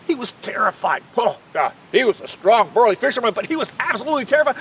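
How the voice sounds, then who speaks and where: High-voiced woman telling a dramatic story. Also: fairly quick, creaky, distant mic, a little hiss or hum. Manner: expressive, swings from hushed to shouting. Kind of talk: first-person dramatic Bible storytelling.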